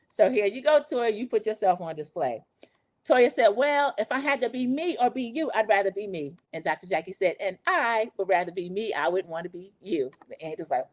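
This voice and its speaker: A woman hosting a casual reality show recap, chatty and lively, acting out the quotes she retells. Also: mid-range voice, brisk. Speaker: recap podcast host.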